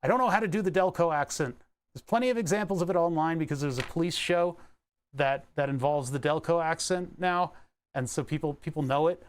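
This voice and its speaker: Young male hobbyist, slightly high voice, rambling and self-talking as he works. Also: brisk, a little hiss or hum. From Delaware County area, Pennsylvania. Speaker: electronics hobbyist vlogger. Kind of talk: casual talk while working.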